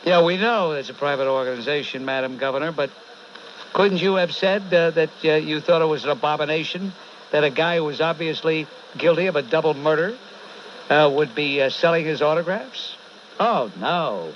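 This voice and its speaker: The man's voice is on the high side and a bit bright, at normal speed, with a New York accent. Hosting combative call-in radio, he's blunt and sarcastic, cutting off and berating callers; the recording is a dull AM broadcast with faint hiss.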